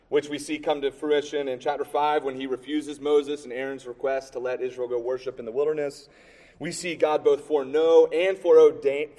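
A man in his thirties, a pastor preaching a sermon in a relaxed, conversational storytelling way with fillers. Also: medium pitch, long reverb tail.

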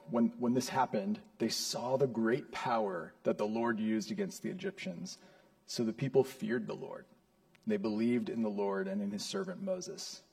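A man's voice: mid-range voice, a little mellow. Man preaching an earnest sermon. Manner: earnest preaching, rising to emphatic peaks. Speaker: pastor.

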